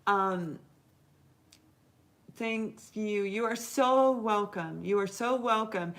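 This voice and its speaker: Earnest middle-aged woman reading tarot live. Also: mid-range voice. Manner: earnest, encouraging, talks straight to viewers with drawn-out emphasis. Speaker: tarot reader and host.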